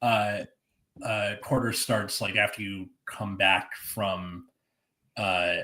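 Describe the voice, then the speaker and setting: A man's voice: on the low side, fairly even intonation, takes it slowly, bright, forceful tone. A man chatting casually on a comedy podcast, easygoing and a bit hesitant. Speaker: podcast guest.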